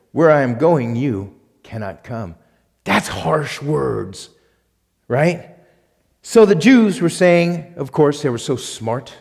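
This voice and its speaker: A male pastor preaching a sermon and reading scripture aloud, emphatic, swinging between loud punched lines and quiet asides. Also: on the high side, in a large hall. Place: church sanctuary.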